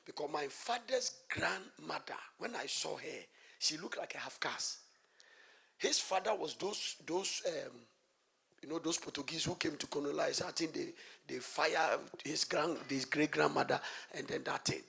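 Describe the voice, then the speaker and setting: A man with a Ghanaian accent preaching a sermon in church. He moves from hushed storytelling to loud, emphatic preaching and repeats key phrases as he asks the congregation rhetorical questions. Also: a little high, moderate pace, creaky, slightly rough.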